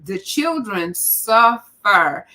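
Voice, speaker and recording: A woman hosting a casual conversation, expressive and quick to laugh. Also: medium pitch. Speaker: podcast host. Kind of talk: casual chat.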